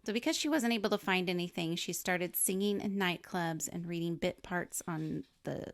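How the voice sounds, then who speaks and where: On a film podcast, a woman co-host chats casually through a celebrity's life story from her notes and laughs often. She has a lowish, gravelly voice at a normal speed, and there's no echo.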